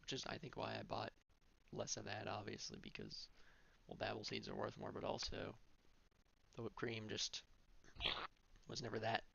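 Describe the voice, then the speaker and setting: Man, gravelly voice, bright tense tone, streamer commentary, self-correcting, slightly muffled audio. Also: fairly low pitch, moderate pace, long pauses, a little hiss or hum. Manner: thinking aloud, self-correcting. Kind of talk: gameplay commentary.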